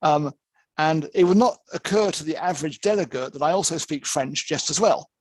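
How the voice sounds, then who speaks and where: A man with an English accent giving an online lecture over a video call, in a steady, explanatory way. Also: on the high side, normal speed, husky, no room sound, poor audio.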